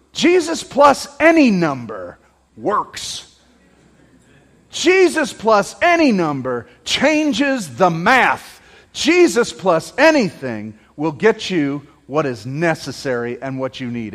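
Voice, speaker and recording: Animated high-voiced male preacher in a hall. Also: takes it slowly. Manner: animated preaching with rhetorical questions to the congregation; raises voice to near shouting at peaks. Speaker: pastor. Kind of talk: sermon. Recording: long hall reverb.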